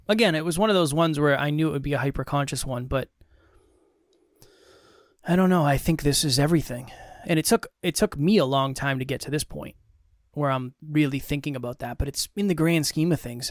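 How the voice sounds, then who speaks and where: A man's voice: a little high, brisk, dry recording, clean studio sound. A man co-hosting a podcast, talking casually in an upbeat, playful way. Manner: upbeat, playful wrap-up talk. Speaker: podcast co-host. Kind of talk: casual chat.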